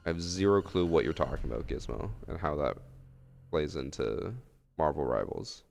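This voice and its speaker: Brief: low-voiced male streamer, gravelly edge, laid-back rambling chat, long reverb. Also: expressive, moderate pace, a little mellow, faint music behind. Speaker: game streamer. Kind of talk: casual live-stream chat.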